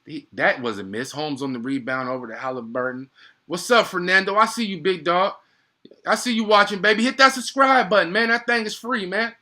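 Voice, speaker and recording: A young man doing casual live play-by-play of a basketball game, excitable and slangy, chatting with his viewers between plays. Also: sits high, a little fast.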